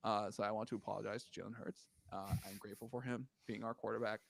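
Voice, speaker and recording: A man's voice: fairly low pitch, little pitch movement, quick pace, gravelly, breathy edge. A man co-hosting a casual sports podcast, ranting, swearing and exasperated as he talks through the news. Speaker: podcast co-host.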